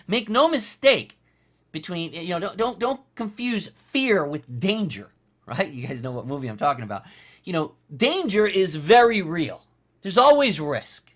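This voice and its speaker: A man's voice: high-pitched, very animated, a little slow, fairly bright tone. A man giving a motivational talk as a business coach, emphatic and conversational, and he repeats phrases for effect. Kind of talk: motivational talk recapping a webinar.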